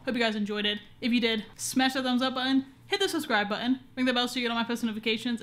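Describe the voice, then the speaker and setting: Her voice is on the high side and fairly bright, and she talks very fast. Filming herself at home with a camera on a short tripod, the young woman keeps up a rambling, casual vlog chat thick with fillers.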